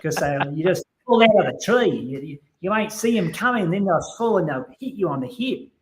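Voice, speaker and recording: A man's voice: high voice, animated, fairly quick, voice pushed up. A man doing a joking Australian man with a twangy, nasal Australian accent, warning about drop bears. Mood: teasing.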